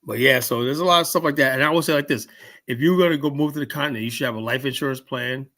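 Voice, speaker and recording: Male host with a bright, forward voice; relaxed, cursing, rambling delivery. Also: mid-range voice. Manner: loose and profane, drawn-out fillers. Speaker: podcast host. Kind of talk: casual chat.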